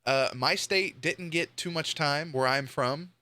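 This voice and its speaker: A man's voice: a little high, a little slow, sharp tone. A young man giving casual, blunt reaction commentary to a video, swearing freely and joking.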